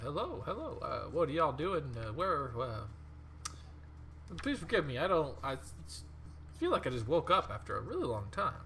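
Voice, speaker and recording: A man's voice: fairly high pitch, wildly swooping pitch, moderate pace, a bit bright, slight background noise, pitched above the performer's own voice, exaggerated voice. A man voicing a confused, friendly old male mummy who has just woken up, stammering and drawling.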